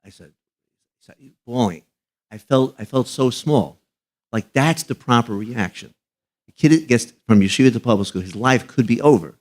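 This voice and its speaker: A middle-aged man, a rabbi, talks at a live fundraising broadcast. He tells his stories with emphasis and drops his voice low on the sad moments. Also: moderate pace. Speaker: rabbi and guest speaker.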